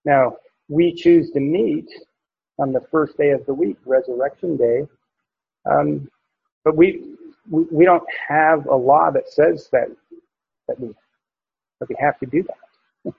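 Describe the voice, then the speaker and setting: A man's voice: fairly high pitch, a little slow, gravelly, pauses often, slightly rough. A man preaching, teaching a passage verse by verse, with frequent fillers and restarts. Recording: dull lo-fi recording.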